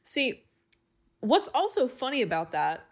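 A woman's voice: high voice, huge pitch swings, measured pace. Casual young woman podcaster. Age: 20s. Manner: casual, laughs often, swears. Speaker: podcast co-host. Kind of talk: casual chat.

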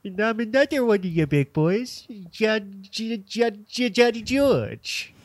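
Dude doing a goofy stammery high voice, way up there, dry mic. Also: male voice, unhurried, no room sound. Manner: stammering, stretched out. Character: goofy high-voiced timid man, a comic impression.

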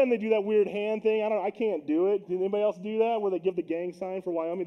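A man preaching a sermon to his church as pastor, energetic and joking, rising to shouts on key points. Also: high-pitched, fairly quick, highs cut off. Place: church sanctuary.

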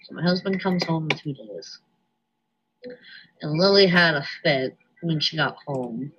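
A woman's voice: low voice, expressive, unhurried, fairly bright tone, slightly rough, muffled recording. A woman from New Hampshire co-hosting a podcast, talking frankly and swearing casually. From New Hampshire, USA. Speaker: podcast co-host.

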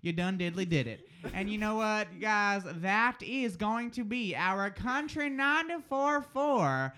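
A man's voice: high voice, animated, measured pace, bright, forceful tone, clear, resonant tone, exaggerated voice. A man hamming up a country radio news announcer. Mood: hyped. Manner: hammy drawl with made-up country filler. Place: radio studio.

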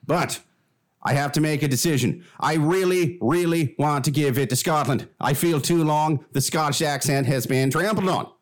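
A man's voice: a little high, normal speed, natural voice. A man playing a vain, rambling Swedish judge with a Swedish accent in an improvised comedy podcast. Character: pompous Swedish man judging a contest.

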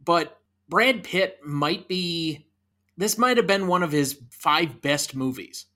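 A man in his thirties co-hosts a casual movie podcast, chatty and steering the discussion with bits of trivia. His voice is on the high side, expressive, pushed and bright, and he talks slowly.

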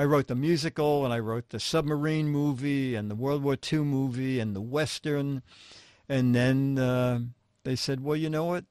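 An older man spins anecdotes from his writing career, lively and quick to mimic the people he quotes. His voice sits at an everyday middle pitch. The sound is close and dry. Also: no echo. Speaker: guest, comedy writer. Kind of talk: anecdotal storytelling.

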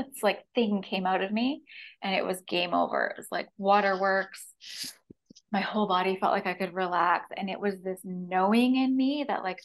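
Woman, canadian accent, podcast guest, animated storytelling, acts out her own lines. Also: medium pitch, moderate pace, rough recording. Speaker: podcast guest, breathwork facilitator. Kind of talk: personal story in an interview.

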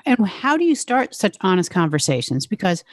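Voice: mid-range voice, big pitch swings, moderate pace, no echo. Attentive interviewer with a dry sound. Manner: attentive, encouraging, frequent "mm-hmm". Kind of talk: interview questions.

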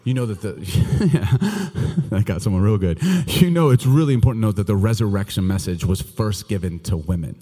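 A man preaching a sermon to his church, joking one moment and hushed the next. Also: on the low side, moderate pace, husky. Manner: animated, joking, swings between loud and hushed. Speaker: pastor. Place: church hall. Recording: long reverb of a large church hall.

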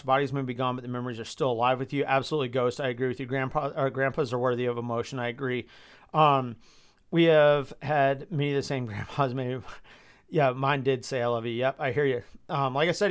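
Man, thirties, from Georgia, live stream host, reflective, hesitant, average pitch. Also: fairly even intonation, fairly quick, smooth. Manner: reflective, hesitant with many ums, gets emotional.

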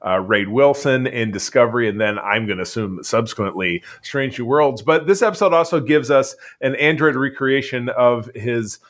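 A man co-hosts a casual chat podcast, recapping episodes with jokes and asides. His voice sits in the middle range, and his talk is loose and animated. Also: medium pitch, normal speed, hardly any pauses. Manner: chatty, joking, animated recapping. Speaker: podcast co-host.

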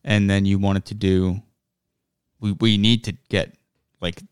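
A young man co-hosts a podcast in relaxed, rambling chat. His voice sits low and sounds smooth and clean. The recording is dry and close, with no room sound. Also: measured pace, no echo. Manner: rambling, self-interrupting. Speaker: podcast co-host. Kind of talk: casual chat.

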